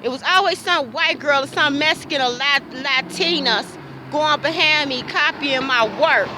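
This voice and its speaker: A woman's voice: high-pitched, noisy background. A woman recording an emotional personal monologue, talking with passion and repeating herself, asking question after question. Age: adult. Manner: impassioned, repetitive, rhetorical questions. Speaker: vlogger.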